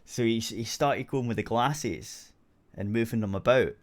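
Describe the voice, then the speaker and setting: A man's voice: medium pitch, unhurried. A Scottish man hosting a radio show, rambling through a story in casual chat and swearing freely.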